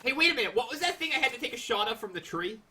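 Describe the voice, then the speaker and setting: Sarcastic guy streaming a game, bouncy pitch, bit far from mic, game music going. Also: very fast, a little hiss or hum. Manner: sarcastic, joking, lively pitch swings. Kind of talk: casual let's-play commentary. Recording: mic sounds distant, game music behind.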